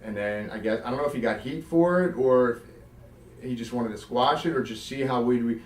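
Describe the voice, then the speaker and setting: A man's voice: mid-range voice, brisk, roomy sound, distant mic. A middle-aged man from South Jersey being interviewed, telling stories with vivid quoted dialogue and casual swearing. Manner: animated, swears freely, acts out quotes. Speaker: guest, former wrestler. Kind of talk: storytelling interview.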